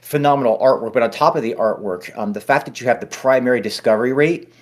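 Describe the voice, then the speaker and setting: A man's voice: mid-range voice, fast. A man hosting a casual livestream AMA, chatty and reassuring as he answers questions.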